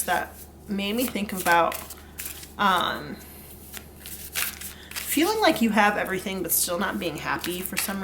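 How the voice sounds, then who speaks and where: A woman's voice: mid-range voice, background noise. A young woman doing a casual pick-a-card tarot reading, chatty and rambling with lots of fillers and laughs. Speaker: tarot reader.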